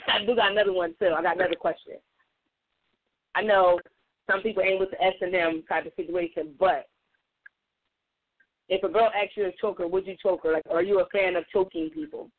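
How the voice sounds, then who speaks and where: A woman's voice: on the low side, no echo. A woman co-hosting a casual radio talk show, giggly and candid, speaking on a tinny phone-like recording. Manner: giggly, candid, fast-talking. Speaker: co-host.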